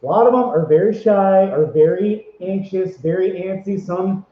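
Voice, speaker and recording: A man's voice: sits high, moderate pace. A man casually giving tips in a vlog, rambling and upbeat with lots of fillers and restarts. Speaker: vlogger giving convention tips. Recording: echoey room, dull lo-fi sound.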